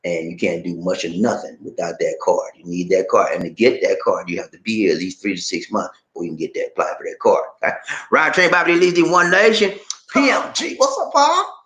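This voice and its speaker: A middle-aged man hosting a casual livestream, with a lively, swinging pitch and plenty of laughter. His folksy slang comes through the roomy echo of the space. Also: fairly quick. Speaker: vlog host reading live chat.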